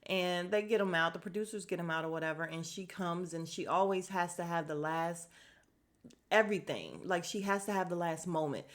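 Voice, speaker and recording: A woman's voice: fairly low pitch, a little fast. A woman hosting a casual podcast, recapping a reality show bluntly and swearing freely. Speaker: podcast host.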